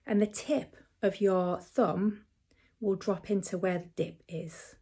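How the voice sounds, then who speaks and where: A woman who teaches mindfulness and acupressure in a gentle, chatty way, with frequent ums. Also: lowish voice, unhurried. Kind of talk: relaxed instructional talk to camera.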